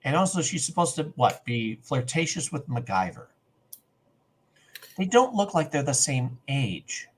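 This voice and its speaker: A man co-hosting a podcast in casual chat, animated and acting out scenes in quoted voices. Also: medium pitch, measured pace, slightly rough. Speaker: podcast co-host.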